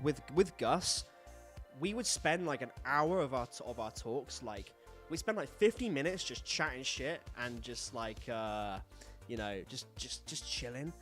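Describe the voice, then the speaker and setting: A man talking casually and frankly as host, swearing often and rambling through stories with lots of fillers. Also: medium pitch. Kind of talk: casual solo chat, rambling storytelling.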